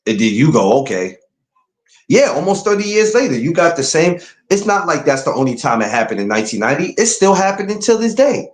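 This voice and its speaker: This time the boxing podcast host sounds fairly high-pitched and fast, again in a room with echo. He stays casual but animated and emphatic, breaking into incredulous outbursts.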